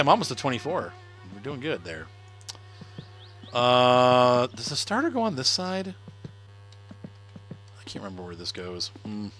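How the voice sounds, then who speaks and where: A man's voice: medium pitch, sharp tone. A middle-aged man chatting casually on a game livestream, laughing often and answering viewer comments. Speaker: gaming livestreamer. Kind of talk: casual live-stream chat while playing.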